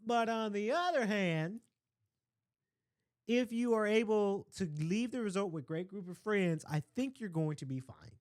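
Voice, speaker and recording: A young man with a fairly high voice rambles through a casual story, tossing in asides and shout-outs as he goes. He talks like a relaxed podcast host, and the recording is close and dry. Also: measured pace, no room sound. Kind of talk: casual chat.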